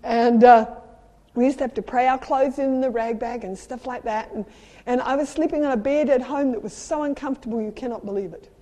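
A middle-aged South African traveling preacher speaks briskly in a high, mellow voice that rings out with a long reverb in a large hall. She tells lively personal stories with playful sound effects and emphatically urges her listeners on.

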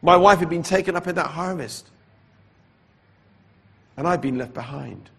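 A man giving a dramatic personal testimony as a preacher, slow and deliberate with pauses, and coughing now and then. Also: fairly high pitch, vocal fry, fairly bright tone, breathy edge. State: coughing repeatedly.

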